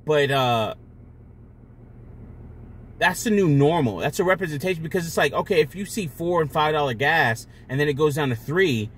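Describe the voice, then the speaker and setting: A male vlogger talking straight to camera in a loose, rambling monologue at a mid-range pitch. He is blunt and profane, with lots of fillers and restarts, and often drops to a quieter, lower mutter when he turns to personal matters. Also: a little hiss or hum. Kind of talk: casual monologue.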